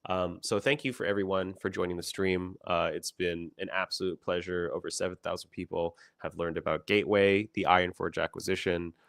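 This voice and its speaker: A man's voice: deep voice, level tone, fairly quick, gravelly, hardly any pauses, fairly bright tone, dry recording, clean studio sound. A young man hosting a casual livestream, rambling with many fillers and restarts and laughing often. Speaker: company founder hosting a livestream.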